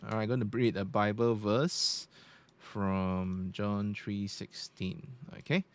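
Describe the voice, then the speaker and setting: This desk-side tech review comes from a man with a fairly low voice, slow and flat in delivery. He still explains every feature step by step in a chatty, informal way, recorded on a studio USB podcast microphone at close to medium distance.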